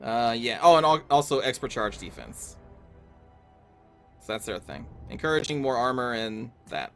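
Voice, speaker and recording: Over game music, a male gaming streamer casually comments on his strategy game while playing, thinking aloud in a chatty, wry let's-play style. His mid-range voice is sing-song and moves at a normal speed.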